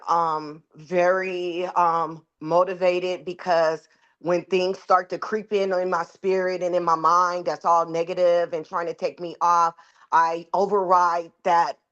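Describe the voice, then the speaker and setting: A woman talking about her own progress with a coach on a video call, earnest and halting. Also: on the low side, flat delivery, fairly bright tone, highs cut off. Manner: earnest, halting, with fillers and restarts. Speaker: coaching client. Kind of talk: casual reflective sharing.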